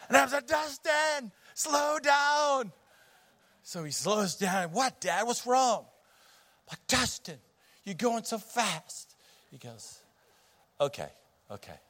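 Middle-aged male pastor; conversational sermon, anecdotal, loose with fillers. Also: on the high side. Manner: conversational storytelling with fillers and restarts.

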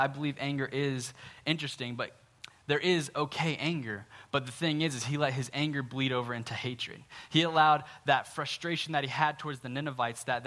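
A man's voice: medium pitch, bright, forceful tone. A young man preaching a sermon in a conversational, earnest way, sometimes acting out quoted complaints.

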